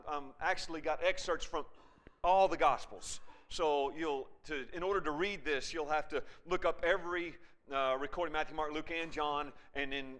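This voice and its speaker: A man's voice: fairly high pitch, fairly bright tone. A man preaching a sermon in a conversational way, retelling a scripture story with animation and often checking in with his listeners.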